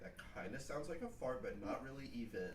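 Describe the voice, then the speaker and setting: Man co-host, deadpan quips, animated pitch. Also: brisk, slight background noise. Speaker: podcast co-host. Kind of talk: casual chat.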